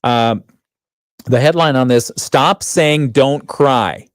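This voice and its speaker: On a studio microphone with a dry sound, a morning radio host speaks slowly at medium pitch. He chats casually and laughs frequently while going through the headlines.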